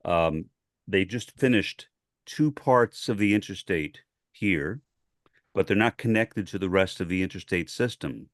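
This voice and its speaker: An older man speaks in a deep, low register with the careful General American diction of a trained radio newscaster. He pauses often between thoughts in a relaxed chat. The sound is close and dry, with no room around it. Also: no room sound. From New York City. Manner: measured, trained broadcast delivery with many pauses. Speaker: guest. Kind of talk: casual chat.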